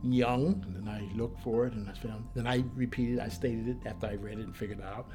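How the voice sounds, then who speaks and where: A man's voice: lowish voice, fast, soft background music. An American man, a former Army soldier and Korean linguist, recounting his past in an interview, acting out quoted dialogue as he goes. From United States. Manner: lively recounting, acts out quoted dialogue, repeats and restarts. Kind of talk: interview storytelling.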